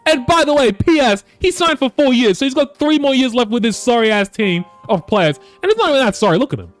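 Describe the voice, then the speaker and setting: Exasperated gamer, high lively voice. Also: male voice, a little fast, soft background music. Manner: frustrated, swearing, swings from mutters to shouts. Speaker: gaming YouTuber. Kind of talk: casual play-by-play commentary over a video game.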